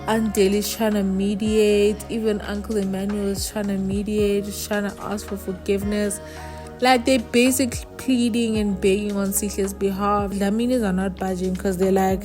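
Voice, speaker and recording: A woman's voice: mid-range voice, normal speed, faint music behind. Chatty woman reviewing TV. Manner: animated, paraphrases characters in quotes. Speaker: TV series reviewer. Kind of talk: casual recap and review.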